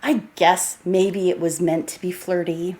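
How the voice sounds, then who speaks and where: A woman's voice: fairly low pitch, a little slow. A woman co-hosting a podcast, chatting casually about an old film, laughing often and acting out lines from it. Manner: animated, laughing, acts out quotes. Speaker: podcast co-host.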